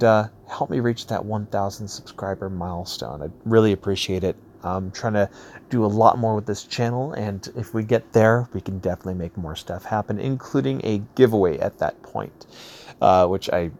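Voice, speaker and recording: A man's voice: on the low side, darkish tone, a little hiss or hum. A man casually commenting as he reads through a crowdfunding page, laughing easily and trailing off into mumbles. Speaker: YouTuber reviewing a crowdfunding campaign. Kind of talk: casual commentary reading a campaign page aloud.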